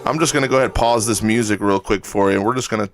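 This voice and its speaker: A man's voice: on the low side, racing, soft background music. Hyped man hosting a livestream. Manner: hyped, salesy, talks straight to viewers. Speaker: livestream host. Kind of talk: casual livestream chat.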